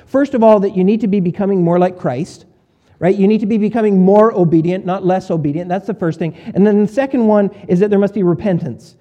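Male pastor, high mellow voice, informal sermon delivery full of acted-out asides. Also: muffled recording. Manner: conversational preaching with shifts in volume and voiced asides.

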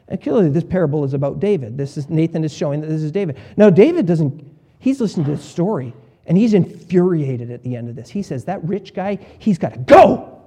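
Male pastor, high mellow voice, informal sermon delivery full of acted-out asides. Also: expressive, fast talker, slightly rough. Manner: conversational preaching with shifts in volume and voiced asides.

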